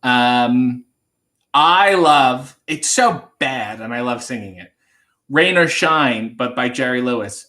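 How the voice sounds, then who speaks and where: A man's voice: mid-range voice, expressive, moderate pace, sharp tone. A young man hosting a casual livestream, reading viewer requests and singing Christmas songs between loose, joking chat. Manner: sings Christmas songs, then chats loosely with swearing and asides.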